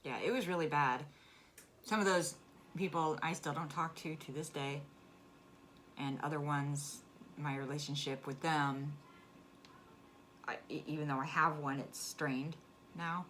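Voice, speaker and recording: Woman, low voice, candid vlogger storyteller, noisy recording. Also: fairly even intonation, a bit bright. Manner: frank, halting with restarts, flares up when angry. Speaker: vlogger sharing a personal story. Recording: clear background noise.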